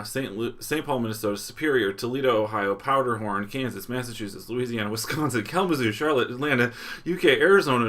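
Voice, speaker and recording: A man's voice: medium pitch, a bit bright. Guy hosting a live stream, laid back, chuckles a lot, reads off the chat. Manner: casual, reading viewer locations aloud; chuckles often, loose restarts. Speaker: livestream host.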